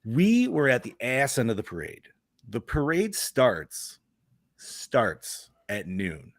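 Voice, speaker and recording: A man's voice: medium pitch, wildly swooping pitch, slow, dry recording, clean studio sound. A man co-hosting a podcast, chatting casually, swearing freely and laughing often. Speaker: podcast co-host. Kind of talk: casual chat.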